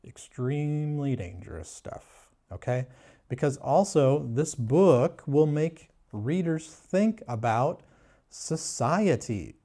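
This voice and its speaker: A man speaking slowly in a dark, mellow voice, sarcastic and mock-serious as he talks about books. His delivery stays deadpan and unhurried throughout. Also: on the high side. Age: adult. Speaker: booktuber. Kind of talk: sarcastic book review.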